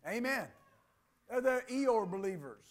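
With an extremely high-pitched, animated male voice and a slightly slow delivery, a pastor preaches exuberantly. He moves back and forth between booming declarations and hushed asides, laughing in between points.

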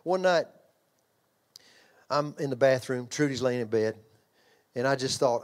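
Man, middle-aged, preacher, sermon in a church, animated storytelling. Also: medium pitch, moderate pace, pauses often. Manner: animated storytelling, yells and laughs at own story. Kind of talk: sermon with altar call. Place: church hall.

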